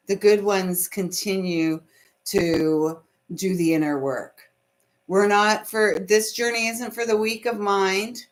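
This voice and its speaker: A middle-aged Canadian woman with a Canadian accent, hosting a spiritual live stream in a soothing, chatty way and reading viewer comments aloud. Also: fairly low pitch. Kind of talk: casual live-stream chat.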